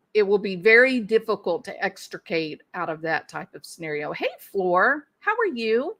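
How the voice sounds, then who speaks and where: Bright-voiced woman hosting a casual livestream. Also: mid-range voice. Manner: chatty, thinking aloud with restarts and small laughs. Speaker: livestream host. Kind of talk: casual livestream chat reading viewer comments.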